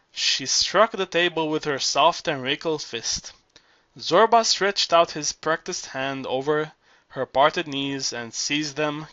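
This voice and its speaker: A man reading a novel aloud as an audiobook narrator, measured and with occasional stumbles and restarts. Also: a little high, pushed and bright, dry recording, highs cut off. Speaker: audiobook reader.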